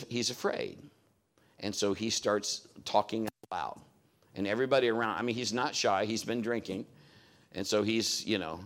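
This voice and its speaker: Guy preaching, just chatting and telling a story, does little voices for people. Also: on the low side. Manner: conversational, acts out quoted voices. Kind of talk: storytelling sermon.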